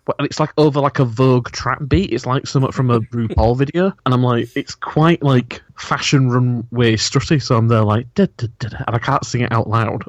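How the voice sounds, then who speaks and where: A man talks as a podcast guest at a middling pitch, rambling through stories and breaking into giggles. His voice is recorded dry and close, with no room sound. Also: dry recording, muffled recording. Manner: giggly, rambling, laughs often. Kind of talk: casual chat.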